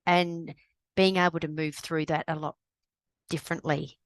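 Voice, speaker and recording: Podcast guest: woman with a lowish voice, candid and thoughtful, dry close sound. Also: flat delivery, moderate pace, dry recording. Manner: candid and reflective. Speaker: grief recovery specialist guest. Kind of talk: podcast conversation.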